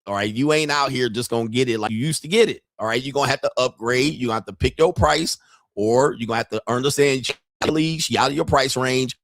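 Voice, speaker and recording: A man hosting a live stream as a dating coach, reacting to clips in a loud, mocking way and jumping into shouted bits. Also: mid-range voice, fast, gravelly, dry recording, clean studio sound.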